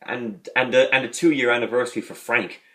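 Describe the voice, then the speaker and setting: A man's voice: medium pitch, steady tone, brisk, fairly bright tone. A man hosting a casual review, talking in a rambling, enthusiastic way with many fillers. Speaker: video host.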